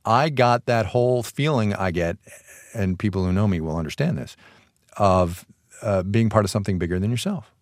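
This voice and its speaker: Animated, joking male podcast co-host. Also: lowish voice, no room sound, studio quality. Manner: animated, joking, quick asides. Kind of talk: casual chat. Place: radio studio.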